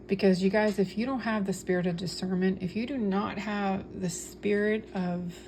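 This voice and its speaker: A woman's voice: medium pitch, darkish tone, slight background noise. A woman talking casually and earnestly about spirituality, preaching with repeated phrases and frequent restarts. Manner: speaks with many fillers and restarts. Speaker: tarot reader and spiritual vlogger.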